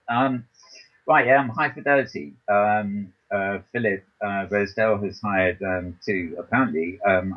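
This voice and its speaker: Deep husky man, hesitant host. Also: dull audio. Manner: hesitant, many ums and restarts. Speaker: podcast host. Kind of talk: news roundup chat.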